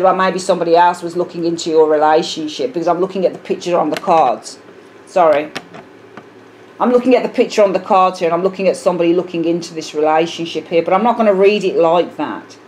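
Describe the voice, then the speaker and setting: A woman's voice: on the low side, fast talker, darkish tone, slight background noise. A woman with a British accent giving a casual tarot reading to camera, musing aloud and often repeating herself with fillers. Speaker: tarot reader.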